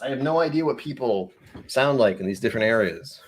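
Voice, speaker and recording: Hosting his whiskey channel's live stream, a man with a New England accent talks in a mid-range voice that's expressive and fairly quick, with slight background noise. He's chatty, easily distracted, and self-deprecating in his humor.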